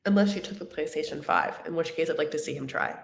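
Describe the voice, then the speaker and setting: A woman's voice: low voice, fast, creaky, roomy sound. A woman hosting a reality TV recap livestream, talking casually in a rambling, chatty way full of fillers and restarts. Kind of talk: casual chat.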